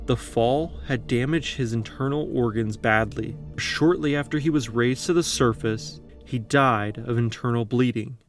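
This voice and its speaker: A man's voice: mid-range voice, unhurried, few pauses. Man narrating a dramatic documentary. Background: faint background music.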